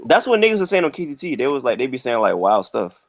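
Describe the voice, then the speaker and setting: A man's voice: medium pitch, big pitch swings, fast, no room sound. A man hosting a casual podcast chat, firing questions at his friends and laughing often. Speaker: podcast host.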